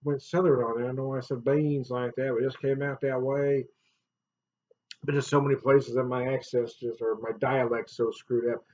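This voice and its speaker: A man's voice: level tone, moderate pace, a little hiss or hum. Male beer vlogger, casual and joking, laughs a lot; slightly dull lo-fi sound. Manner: chatty and jokey, laughs often, swings up loud and high. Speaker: beer reviewer. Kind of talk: casual beer review vlog.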